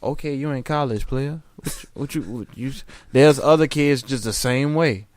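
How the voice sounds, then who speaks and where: A young man co-hosting a casual podcast chat, telling stories and acting out quotes in a high voice. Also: moderate pace, dry recording. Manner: animated storyteller, acts out quotes in a high voice. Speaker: podcast co-host.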